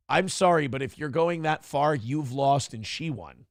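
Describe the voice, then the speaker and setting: A man with a high, gravelly voice hosts a live morning show, tearing into the news in a blunt, profane rant. The sound is dry and close, with no room around him. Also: moderate pace, few pauses, no room sound. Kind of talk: live show commentary reacting to news and chat.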